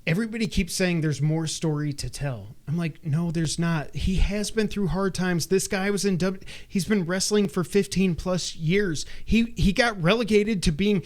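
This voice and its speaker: Higher-voiced man rambling on a podcast. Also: moderate pace, hardly any pauses. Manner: rambling and animated, with filler words. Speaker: podcast co-host. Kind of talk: casual podcast chat about games and wrestling.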